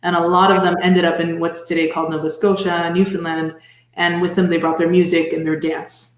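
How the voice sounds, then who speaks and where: A woman's voice: fairly low pitch, level tone, fairly quick. Woman, guest musician, casual chat, laughs a lot, long explanations, very echoey room. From French and Spanish roots. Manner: laughs often, explains at length. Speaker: guest fiddler and step dancer.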